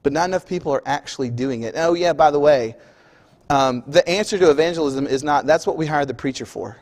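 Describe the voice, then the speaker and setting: Male preacher, high voice, conversational sermon with acted-out scenes, long hall echo. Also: fairly quick, darkish tone. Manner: conversational, acts out everyday scenes. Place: church auditorium.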